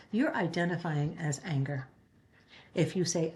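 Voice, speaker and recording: A woman with a low voice gives spiritual guidance to her listeners. She talks gently and earnestly, wandering off and circling back with restarts as she goes. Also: moderate pace. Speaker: spiritual reader.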